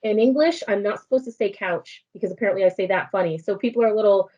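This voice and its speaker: A woman panelist from Nova Scotia with an Acadian accent in her French, speaking earnestly with many pauses and ums. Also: mid-range voice, dark tone, highs cut off. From Nova Scotia, Acadian community. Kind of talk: panel discussion.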